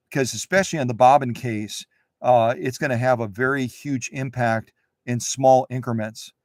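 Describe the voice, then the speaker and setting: A man's voice: medium pitch, a little mellow, dry recording, studio quality. A man hosting a live sewing machine demonstration, chatting with viewers in a folksy, instructive way.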